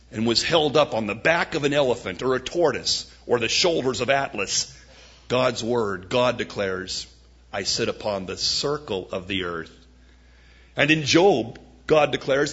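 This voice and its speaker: A male pastor preaching a sermon, acting out Bible quotes with a sudden lift in pitch and loudness. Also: husky. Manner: dramatic, voices Bible quotes with rising pitch and volume. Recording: dull lo-fi sound.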